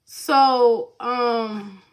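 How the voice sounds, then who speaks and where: A woman's voice: fairly high pitch, steady tone, drawn-out words. A young woman vlogger rambling through a personal storytime in a casual, chatty way, full of fillers and "like".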